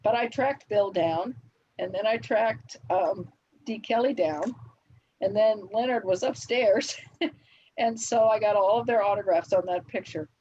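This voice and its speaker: Older woman reminiscing, husky lo-fi audio. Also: mid-range voice, a little slow, warm tone. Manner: reminiscing, frequent laughs and fillers. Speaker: guest TV writer. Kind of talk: relaxed anecdotal interview answers.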